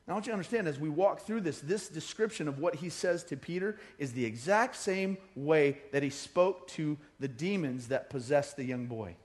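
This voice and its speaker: A male pastor preaching a sermon, telling stories with lively acted-out quotes. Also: high voice, brisk, hardly any pauses. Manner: animated storytelling, acting out quoted voices. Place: church hall.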